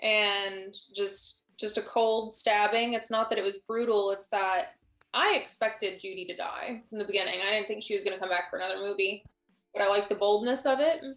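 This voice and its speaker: A woman chatting as a guest on a live stream, rambling through her thoughts and restarting sentences as she goes. Her voice sits in a middle pitch, and the room around her rings with a noticeable echo. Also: fairly even intonation, normal speed, a bit bright. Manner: rambling, thinks aloud with many restarts. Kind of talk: casual chat on a live stream.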